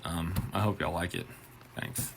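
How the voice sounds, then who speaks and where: A man's voice: low-pitched, measured pace, gravelly, noisy background. A man, a bartender and manager, telling a profane story-time anecdote and acting out the quotes. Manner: profane, animated retelling with acted quotes.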